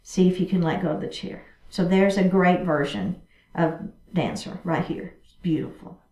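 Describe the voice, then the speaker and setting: Heard from afar in an echoey room, a chair yoga instructor talks her class through every movement in turn, offering encouragement along the way. Her voice is fairly low and darkish, at a normal speed.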